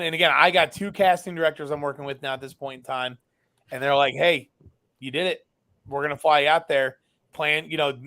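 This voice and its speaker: A man's voice: fairly high pitch, a bit bright. A man, a business founder and guest, telling a story casually and animatedly, acting out dialogue with lots of fillers.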